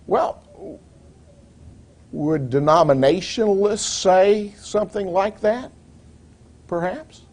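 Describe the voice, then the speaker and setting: A man preaching a sermon in a measured, deliberate way, posing rhetorical questions to the congregation. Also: high voice, darkish tone.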